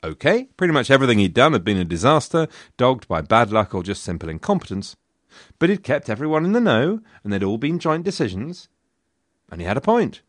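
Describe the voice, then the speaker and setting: A man's voice: medium pitch, very animated, a little fast, no echo, clean studio sound. Wry man narrating history. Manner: wry, conversational storytelling with asides. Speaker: history podcast host.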